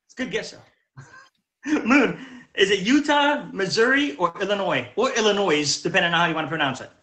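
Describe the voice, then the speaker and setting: A man hosting a live-stream trivia game, upbeat and reading the answer options out slowly as a list. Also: high voice, big pitch swings, sharp tone, roomy sound. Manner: upbeat, repeats questions slowly, reads options as lists. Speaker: game show host.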